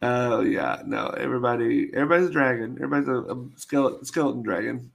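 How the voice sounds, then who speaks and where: A man's voice: mid-range voice, fast talker, vocal fry. A man co-hosting a podcast, chatting casually about a movie with laid-back joking asides. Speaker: podcast co-host. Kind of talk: casual movie review chat.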